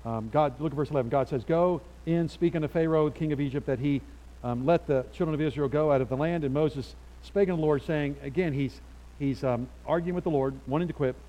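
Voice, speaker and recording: A middle-aged man preaching a sermon as pastor, animated and chatty, dropping to quiet asides and then getting loud. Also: a little high, fairly quick, poor audio.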